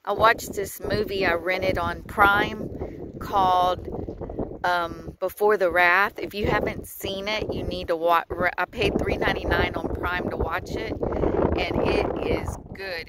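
Breathless woman, slow outdoor phone vlog. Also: medium pitch, heavy background noise. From Texas. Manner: slow, earnest, with frequent laughs and pauses. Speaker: vlogger. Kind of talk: casual religious vlog. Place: outdoors by the water at sunset.

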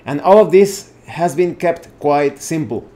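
A man with a slightly higher-than-usual voice hosts a casual explainer on solo tabletop gaming. He talks in an unhurried, improvised way and often pauses or corrects himself mid-sentence. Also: expressive, dark tone. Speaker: channel host explaining solo tabletop games.

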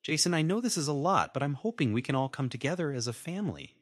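A nervous middle-aged father pleads with his grown son, his voice shaky and rising in lively swings. A man acts him out, recorded dry and close in an animated story. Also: fairly high pitch, quick pace, no room sound, pitched above the performer's own voice. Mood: pleading.

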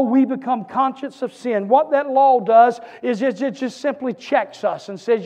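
A man preaching a sermon as pastor, with a repetitive, building cadence that rises to shouts. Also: very high voice, measured pace, hardly any pauses. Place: church sanctuary. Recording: church hall reverb.

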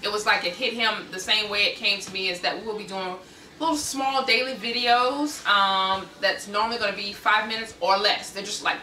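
A bright, forceful American woman chats casually about her ministry, animated and quick to laugh. She sits back from the mic in an echoey room. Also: mid-range voice, far from the mic, a little hiss or hum. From United States. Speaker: ministry host. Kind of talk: casual chat.

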